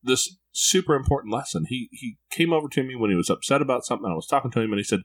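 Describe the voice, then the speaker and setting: A man's voice: mid-range voice, lively intonation, racing. A man in casual conversation, candidly telling reflective personal stories as a podcast co-host.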